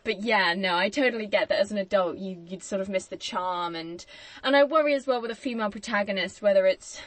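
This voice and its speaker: A woman's voice: mid-range voice, fast talker, dry recording. Chatty woman, dry close sound. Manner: chatty, laughs often, acts out quotes. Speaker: podcast host. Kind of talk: casual film discussion.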